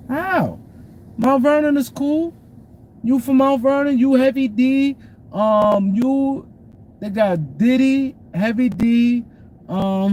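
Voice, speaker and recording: Animated high-voiced New man. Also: a little hiss or hum. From New York City. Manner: animated, repeats himself, greets chat viewers by name. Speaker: show host. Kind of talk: casual sports commentary livestream.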